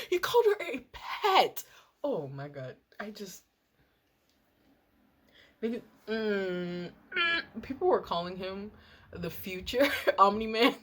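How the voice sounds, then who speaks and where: A young woman chatting casually while doing her makeup, rambling and excitable, swearing and laughing often. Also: mid-range voice, takes it slowly, pauses often. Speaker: makeup and TV review vlogger.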